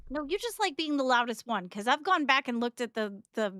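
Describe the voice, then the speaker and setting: A woman's voice: sits high, sing-song, brisk, sharp tone, no echo, studio quality. A woman on a livestream panel, agreeable and conversational, explaining her view. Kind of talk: casual chat.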